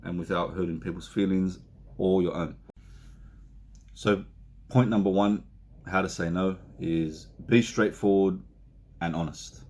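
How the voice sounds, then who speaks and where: A man counsellor giving a self-help talk, unhurried, with many fillers and restarts. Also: deep voice.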